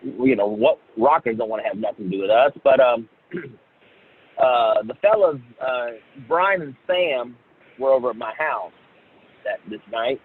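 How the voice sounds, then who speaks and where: Husky man telling a story over a phone line. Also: medium pitch. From Oklahoma, USA. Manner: halting, many fillers and restarts. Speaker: guest, singer. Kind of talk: casual storytelling.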